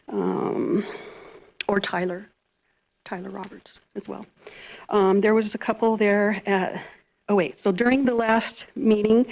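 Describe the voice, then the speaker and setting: A middle-aged woman reading an earnest prepared statement during public comment at a city council meeting, speaking softly into a podium microphone. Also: medium pitch, vocal fry, slightly rough, poor audio. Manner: earnest, soft-spoken. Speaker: resident giving public comment.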